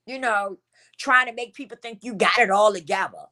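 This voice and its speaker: A middle-aged woman speaks straight to her viewers in a heartfelt personal vlog. Her voice is bright and forward, and she talks openly about her feelings, circling back to repeat her points. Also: mid-range voice, normal speed. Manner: emotional, candid, repeats phrases for emphasis. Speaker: channel host.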